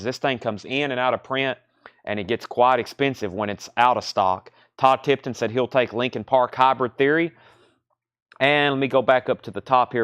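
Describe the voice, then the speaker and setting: Smooth-voiced man calling record prices. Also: medium pitch, a bit bright, no echo, studio quality. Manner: fast, running price calls and reading comments. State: out of breath. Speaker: record store host selling live. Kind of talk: live sales stream chat.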